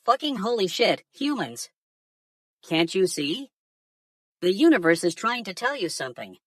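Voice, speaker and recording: A woman's voice: mid-range voice, big pitch swings, moderate pace, dry recording, clean studio sound, far from the mic. A woman voicing a crude alien conspiracy theorist who talks down to humans in a profane, mocking rant. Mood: scornful. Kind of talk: AI-generated news segment.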